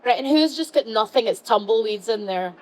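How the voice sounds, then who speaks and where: Lively woman moderator, a little high, jokey with the crowd. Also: brisk, low-quality recording. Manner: lively, joking, friendly to the crowd. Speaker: panel moderator. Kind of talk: moderating a convention panel. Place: convention panel room.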